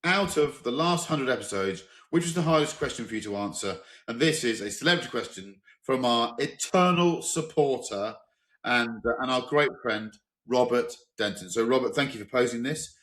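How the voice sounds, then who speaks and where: A middle-aged English man hosting a car podcast in a relaxed, chatty way, telling enthusiastic anecdotes. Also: mid-range voice, moderate pace. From England. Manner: chatty, enthusiastic, tells anecdotes, exaggerated quoted voices. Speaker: podcast host. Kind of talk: casual chat.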